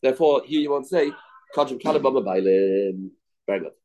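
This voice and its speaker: A man's voice: mid-range voice, expressive, brisk, darkish tone, poor audio. A man teaching a daily Talmud class. He explains in short, repeated phrases and asks rhetorical questions.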